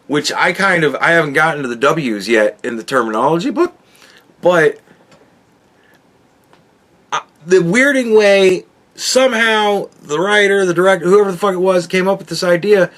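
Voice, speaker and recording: A man's voice: fairly high pitch, a bit bright. A man hosting a podcast, ranting in a casual and profane way, with exasperated outbursts and laughs. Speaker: podcast host reviewing a book.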